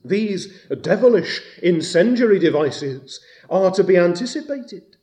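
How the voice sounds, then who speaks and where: Guy giving a sermon, slow and mellow, gets loud and fiery on the big lines. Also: high-pitched, animated. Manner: slow, deliberate preaching with sudden loud emphatic rises. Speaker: preacher.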